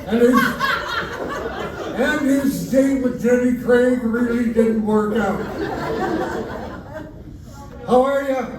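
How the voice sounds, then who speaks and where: A man's voice: very high voice, slow pace, long pauses, very noisy. Older man doing wry stand-up. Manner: wry, self-mocking, deadpan punchlines. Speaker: stand-up comedian. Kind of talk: stand-up comedy set. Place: comedy club stage. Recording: roomy club audio from far off. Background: laughing crowd.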